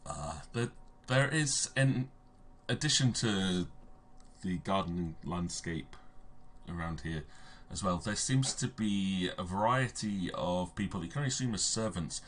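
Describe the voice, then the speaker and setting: A man narrating as game master of a tabletop game, halting with fillers and restarts as he describes the scene. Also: deep voice, expressive, slight background noise. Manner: hesitant, many fillers and restarts. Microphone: home microphone on a stream.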